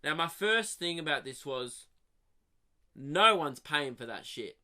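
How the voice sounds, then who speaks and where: A young man riffs through a rambling comic monologue for his podcast. He swears freely, swings from animated rants to low muttered asides, and his voice sits slightly high with a bright, forceful edge. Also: takes it slowly. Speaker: comedian podcast host.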